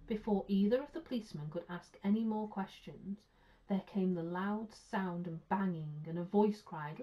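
A woman teacher reading a children's story aloud with clear, expressive storytelling. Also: on the low side, moderate pace. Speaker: primary school teacher. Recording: muffled lo-fi sound.

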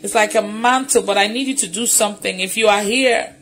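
A woman's voice: medium pitch, brisk, fairly bright tone, soft background music. A woman leading a live deliverance prayer, repeating commanding declarations fervently and laughing between them. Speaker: prayer minister.

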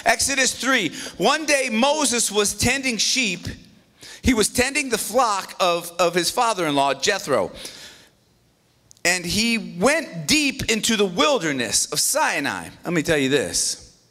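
A male pastor preaching a sermon in an animated, conversational way, with joking asides. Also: sits high, a little slow.

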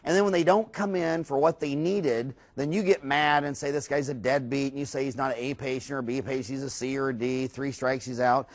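A middle-aged man giving a course lecture to dentists, animated and quick to act out staff and patients. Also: medium pitch, dry recording. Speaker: dental practice lecturer.

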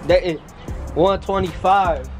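A man's voice: high voice, slow pace. A young man in casual banter with friends, bragging about his eating time with plenty of slang. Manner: boastful, slangy, laughing. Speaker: contestant. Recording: music playing underneath.

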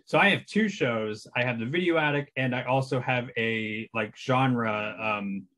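A man's voice: medium pitch, unhurried, bright, forceful tone. A man hosting a podcast interview, talking casually and hesitantly, with many fillers and restarts. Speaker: podcast host.

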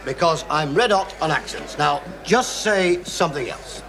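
In a 1970s TV sitcom with audience laughter, an English actor plays a brash, boastful, middle-aged Englishman visiting, a blustering character. His voice is fairly high and fairly bright, with vocal fry, lively intonation, and normal speed.

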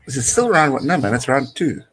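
A man's voice: medium pitch, very animated, fairly quick, a bit bright, breathy edge, poor audio. A young man from South Africa with a South African accent, talking through a rugby match for his live-stream viewers. He chats casually, greets people in the chat, and slips Afrikaans words into his English. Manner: chatty, mixes English with Afrikaans phrases. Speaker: live stream host giving rugby commentary.

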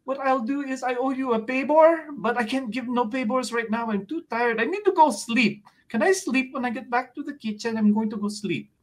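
A man's voice: extremely high pitch, pitched above the performer's own voice. A man voicing an exhausted old grandmother healer who drags out her complaints. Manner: weary, drawn-out complaining.

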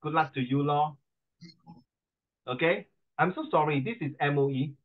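A man's voice: on the high side, normal speed. Singaporean male tutor, tinny audio. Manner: switches between English and Mandarin, teasing and scolding students. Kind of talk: animated classroom lesson.

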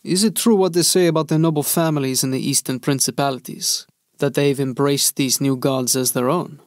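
A man's voice: medium pitch, fairly even intonation, a little fast, no echo, studio quality, close to an everyday voice. A man playing a weary, skeptical male commander who speaks plainly and tersely.

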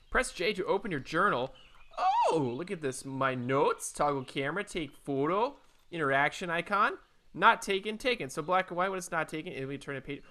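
Animated jumpy man commentating a game. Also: fairly high pitch, normal speed. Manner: animated, jumpy, swears freely. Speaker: let's play host. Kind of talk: casual gameplay commentary. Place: home room with a cat nearby.

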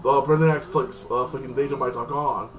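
A man's voice: mid-range voice, steady tone, fairly quick. A man giving a casual, rambling spoken recap and review of a TV episode, full of fillers and restarts. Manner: rambling, filler-heavy, lots of "like". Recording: distant mic with loud music.

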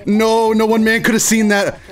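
A man reacting excitedly as a gaming YouTuber, exclaiming and repeating phrases over and over. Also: high-pitched, moderate pace. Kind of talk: excited live reaction commentary.

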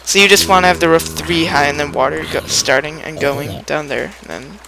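A man's voice: a little high, fairly even intonation, brisk, vocal fry, crowd noise, poor audio. A young man giving a casual, rambling gameplay tutorial, playful and chatty, humming little sound effects as he builds.

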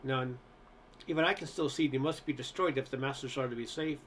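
A man's voice: medium pitch, fairly quick, fairly bright tone, slight background noise, natural voice. A man voicing an anguished male alien who speaks in stiff, formal sentences, pleading to be destroyed. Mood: despairing. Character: anguished towering alien with terrible eyes, male.

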